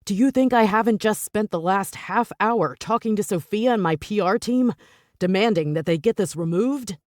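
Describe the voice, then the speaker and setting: A woman voicing a furious, protective male boss and father in an audiobook, accusing at first, later murmuring low and remorseful. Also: normal speed, dry recording, studio quality, close to an everyday voice.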